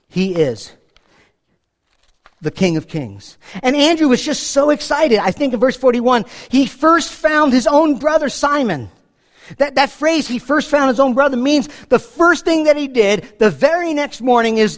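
A middle-aged man preaching a sermon as pastor, telling stories and swinging from hushed asides to loud emphasis. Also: very high voice, animated, unhurried.

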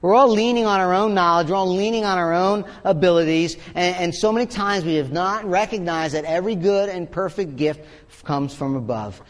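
A man's voice: high-pitched, fairly quick. A man preaching a sermon as pastor, in a conversational way with sarcastic asides. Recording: long hall reverb.

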